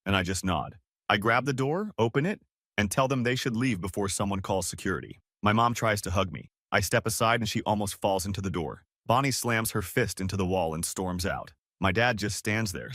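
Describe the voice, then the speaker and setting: Young man, first-person story narration, blunt and defiant, animated pitch, dry close sound. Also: normal speed, no room sound.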